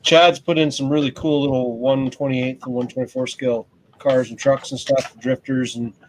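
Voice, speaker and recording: A man hosting a relaxed, joking hobby chat. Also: mid-range voice, normal speed. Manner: relaxed, joking, talks while unboxing. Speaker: host. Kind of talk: casual chat.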